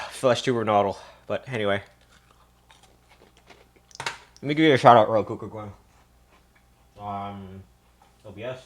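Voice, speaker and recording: A man's voice: on the low side, fairly bright tone, slight background noise. A man streaming live from a home kitchen, winded and tired. He rambles to his viewers and swears often. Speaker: livestreamer. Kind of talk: casual live-stream chat.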